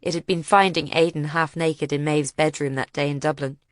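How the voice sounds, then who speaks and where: Woman, audiobook narrator, steady, lowish voice, dry close sound. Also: moderate pace, dry recording. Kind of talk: scripted narration.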